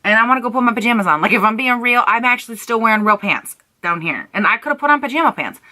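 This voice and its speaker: Bright-voiced chatty young woman vlogger. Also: fairly high pitch, quick pace. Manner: chatty, animated, playful asides. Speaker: beauty vlogger. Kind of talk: casual chat to camera.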